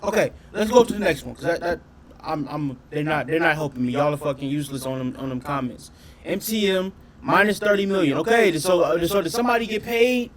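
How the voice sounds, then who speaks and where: A man doing casual reaction commentary on his channel, talking in an animated, profane way and often questioning his audience. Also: a little high, a little fast. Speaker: reaction streamer.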